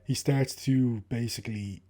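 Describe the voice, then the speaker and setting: A young man co-hosting a film podcast, summing up scenes in a halting way, with many pauses. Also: mid-range voice, steady tone, warm tone. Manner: hesitant, many ums and restarts. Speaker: podcast co-host. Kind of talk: casual film recap chat.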